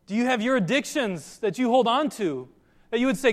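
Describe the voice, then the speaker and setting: A man preaches to his congregation in a high, clear register, asking pointed questions and pressing each point home. His voice rings out with long reverb, as if filling a church sanctuary. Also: lively intonation, fairly quick. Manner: earnest preaching, direct questions to listeners. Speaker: pastor. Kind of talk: sermon.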